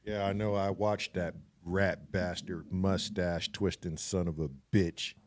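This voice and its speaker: A man with a fairly low voice hosts a casual live stream. He jokes around loosely and swears without a second thought. He talks straight into his home streaming mic. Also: steady tone, unhurried. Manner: loose, jokey, swears freely.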